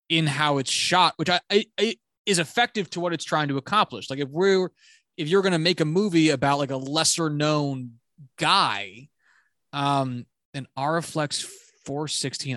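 A man talking casually about a film, animated and rambling, swearing offhand. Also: on the high side, no echo, clean studio sound. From New Jersey. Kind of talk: casual film review chat.

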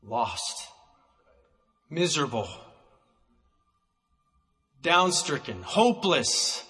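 A man preaching a sermon, emphatic and slowing down to stress single words, recorded in a church hall. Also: a little high, sing-song, bright, forceful tone.

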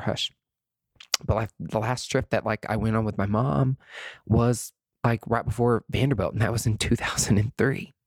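A man in his late thirties hosting a podcast, talking in an expressive, emotional and chatty way, full of fillers and asides. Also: fairly low pitch, no room sound, studio quality. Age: late 30s. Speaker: podcast host. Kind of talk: reflective solo podcast monologue.

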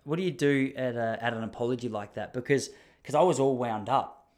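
A man's voice: medium pitch, fairly quick, a little mellow. An Australian man in his thirties, telling a casual story in a rambling, self-deprecating way with many asides. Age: 30s.

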